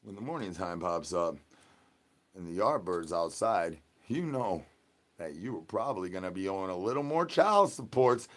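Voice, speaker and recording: A man hosting a livestream, rambling nonsense and chanting the same catchphrases at his chat, dropping to a mumble and then bursting out louder. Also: on the low side. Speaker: livestream host. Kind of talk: absurd livestream banter.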